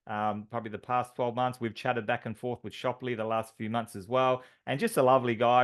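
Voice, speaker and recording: A man's voice: mid-range voice, a bit bright. A man co-hosting a team call, announcing award winners with enthusiastic, filler-heavy talk.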